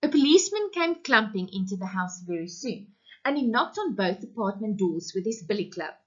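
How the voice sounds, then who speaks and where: A South African teacher with a husky, mid-range voice reads aloud to her online class, bringing deliberate expression to the story. The recording sounds muffled and lo-fi.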